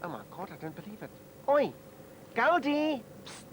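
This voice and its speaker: A man's voice: very high voice, big pitch swings, moderate pace, slight background noise, low-quality recording. Man playing a brash gossipy South African madam. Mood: chatty. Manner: gossipy, theatrical, calls people doll. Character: brash chattering middle-aged woman socialite. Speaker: lead comic character. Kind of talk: sitcom comedy acting.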